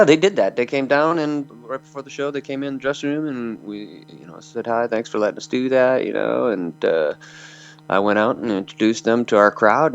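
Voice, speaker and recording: A creaky, mid-range male voice belongs to a Michigan metal singer in his fifties. In a storytelling interview, he rambles through anecdotes packed with fillers, and the lo-fi audio sounds dull.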